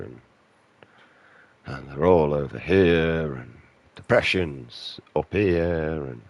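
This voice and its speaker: A man's voice: rumbling low, takes it slowly, pauses often. A British man in his thirties ranting profanely as he comments over his gameplay. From Britain. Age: 30s. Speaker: gaming streamer.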